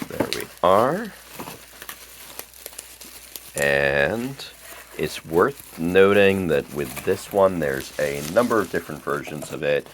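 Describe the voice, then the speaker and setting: Super deep voiced guy unboxing a tap handle, laid back, lots of ums and little laughs. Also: slow, long pauses, a little hiss or hum. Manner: relaxed, rambling with fillers and small laughs. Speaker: tap handle collector reviewer. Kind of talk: casual unboxing talk.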